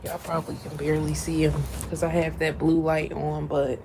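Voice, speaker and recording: A young mom vlogger chats casually in her home kitchen, laughing a lot and growing teary and sentimental as she talks. Her low voice is brisk with a flat delivery, and the home recording is noisy.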